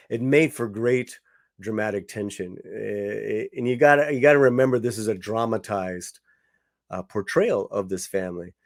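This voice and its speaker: A man's voice: mid-range voice, dry recording, clean studio sound. A man giving a casual spoken film review, conversational, with many fillers and restarts. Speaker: movie reviewer.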